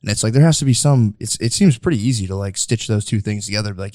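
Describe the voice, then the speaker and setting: Brief: young male podcast host, quick and rambling, low-ish voice, dry close mic. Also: mellow, no echo. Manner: rambling, lots of filler likes. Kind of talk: casual chat.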